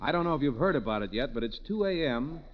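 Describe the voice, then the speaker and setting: An actor playing a patient, sober friend who keeps urging a drunk to go home, in 1940s radio comedy style. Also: male voice, mid-range voice, very animated, quick pace, natural voice. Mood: amused. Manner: patient straight man, often laughing. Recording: very noisy dull old radio broadcast.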